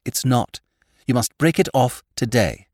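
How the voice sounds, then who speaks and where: A man's voice: medium pitch, sing-song, measured pace, darkish tone, dry recording, studio quality, voice pushed up. A man voicing an ardent, desperate young lover. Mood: urgent. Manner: urgent, pressing, growing impassioned.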